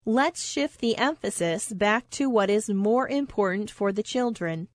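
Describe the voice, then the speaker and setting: A woman reads example sentences aloud for a language lesson. Her delivery is slow, even and deliberate, at a middle pitch. The recording is dry and close, with no room sound. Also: no room sound.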